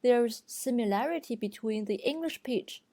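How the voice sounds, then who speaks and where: A woman teaching Mandarin tones, speaking deliberately and clearly as she demonstrates each pitch. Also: animated, mellow, no room sound. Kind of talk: slow, careful tutorial narration.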